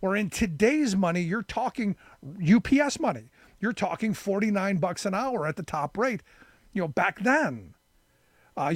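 A male talk radio host with a notably high voice, speaking into a close studio microphone. His delivery is loose and conversational, circling back on himself with restarts and repeated words. The sound is completely dry, with no room around it. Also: dry recording. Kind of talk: opinionated radio monologue.

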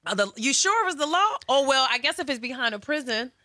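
Bright-voiced woman radio co-host. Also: high voice, quick pace, no echo, studio quality. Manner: lively, chatty, laughs easily. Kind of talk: casual radio chat. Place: radio studio.

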